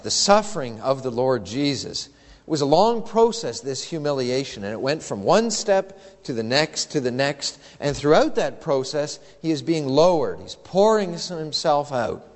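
A man's voice: on the high side, big-room sound. A male pastor preaching an earnest, emphatic sermon that is full of rhetorical questions.

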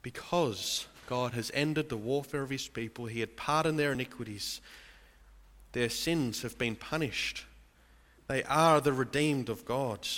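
Bright-voiced man preaching in a reverberant church. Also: medium pitch, a little slow. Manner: earnest preaching, addresses listeners as beloved. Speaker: pastor. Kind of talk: sermon.

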